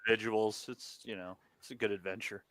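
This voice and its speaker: A man's voice: fairly low pitch, steady tone, fast talker, a bit bright, no echo. A man on a podcast panel making dry, short quips in casual chat.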